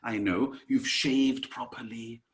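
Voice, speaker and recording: A man teaching an online class in a slow, gentle way, dropping to soft whispers at times and calling his listeners "my dears". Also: mid-range voice, steady tone, a little hiss or hum. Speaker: Sanskrit teacher.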